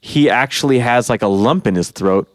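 A man co-hosting a podcast, talking through a comic book in a casual, animated way. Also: mid-range voice, normal speed, no room sound, clean studio sound. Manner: animated storyteller, acts out quotes. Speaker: podcast co-host.

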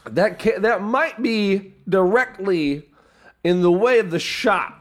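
A man's voice: high-pitched, slow, a bit bright. A man co-hosting a comedy podcast, trading silly banter and making absurd claims with mock confidence. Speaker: podcast co-host.

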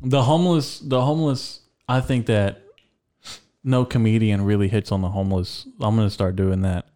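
A young man with a low, relaxed, mellow voice rambles through crude stories on a casual podcast. He swears constantly and strings his tales together with filler words. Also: moderate pace, clean tone. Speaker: podcast co-host. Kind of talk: casual chat.

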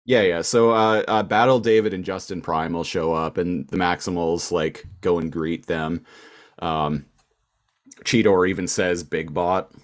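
A man's voice: deep voice, fairly even intonation, unhurried. A man co-hosting a podcast, casually recapping a cartoon episode, rambling with lots of fillers and restarts. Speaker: podcast co-host.

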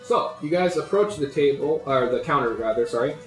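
A man narrating his tabletop game as game master speaks casually, sprinkling in lots of "uh" and "like." His pitch is fairly high, his intonation lively, his pace a little fast. Faint music is audible in a roomy recording.

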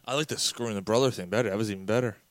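A man's voice: lowish voice, rapid-fire, no echo. Rambling, laughing man telling stories. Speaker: podcast host. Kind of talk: casual chat.

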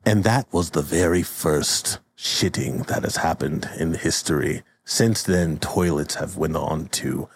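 A man voicing a documentary-style narrator with a hushed, solemn delivery. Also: very deep voice, a little slow, hardly any pauses, slight background noise, pitched below the performer's own voice.

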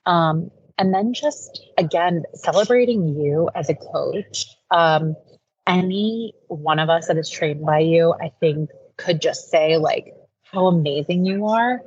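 A woman's voice: lowish voice, takes it slowly, a little mellow, slightly rough, dry recording. A woman guest on a podcast, chatting in an earnest, casual way and leaning on "like" a lot. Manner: earnest, heavy use of "like". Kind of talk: casual interview chat. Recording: slightly dull lo-fi audio, faint noise.

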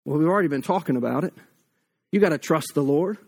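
High-voiced pastor preaching bluntly. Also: male voice, fast talker, vocal fry, slightly rough. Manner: blunt, conversational preaching with humor; acts out quoted voices in his own voice. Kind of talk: sermon.

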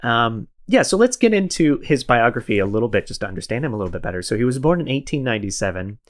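A man's voice: mid-range voice, big pitch swings, fast. Brief: male podcast host, mid-range voice, loose and rambling, chuckles a lot. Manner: rambling, self-deprecating, laughs often. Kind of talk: casual chat.

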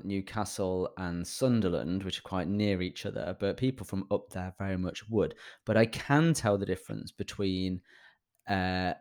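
English man, podcast co-host, low-pitched voice, casual chat, halting restarts. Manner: laughs often, halting restarts.

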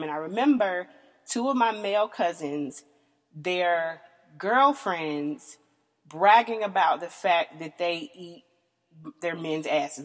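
Frank, laughing Southern woman in her 30s. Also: in a large hall. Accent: Southern American. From American South. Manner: frank, profane, laughs often, voice leaps high in mock disbelief. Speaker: podcast host. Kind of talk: candid casual storytelling.

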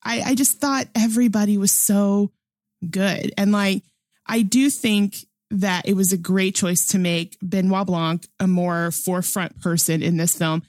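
A woman's voice: mid-range voice, fairly even intonation, a little slow, darkish tone, no room sound, studio quality. A young adult woman chatting casually about a movie, enthusiastic and laughing often, with lots of fillers. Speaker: film discussion panelist. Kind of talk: casual film review chat.

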